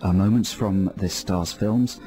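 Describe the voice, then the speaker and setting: A male radio host doing deadpan mock-hypnotist patter with callers, speaking into a studio microphone. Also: low-pitched, unhurried, over music. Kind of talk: comedy radio banter.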